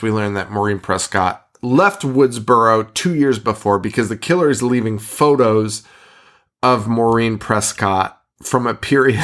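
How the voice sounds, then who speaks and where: A man co-hosting a casual movie podcast, animated and laughing often, hiccuping and burping as he talks into a mic. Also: mid-range voice. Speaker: podcast co-host. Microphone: studio mic.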